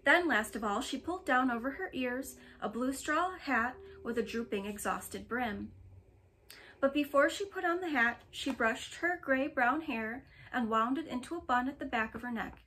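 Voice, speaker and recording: A woman reading a novel aloud in a gentle, even storytelling manner. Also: high voice, normal speed, slight background noise. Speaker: storybook reader.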